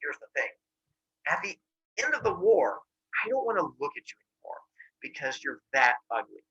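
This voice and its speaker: A man voicing a brash, eager young male god, talking loud and excitable on a video call. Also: a little high, moderate pace, gravelly, husky, highs cut off, full character voice. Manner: loud, excitable, often shouting.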